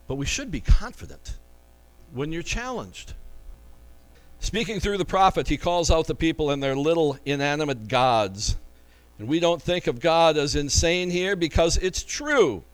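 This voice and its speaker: High-voiced man preaching emphatically. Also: a bit bright, rough recording. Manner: emphatic, conversational preaching with rhetorical questions. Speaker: pastor. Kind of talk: sermon.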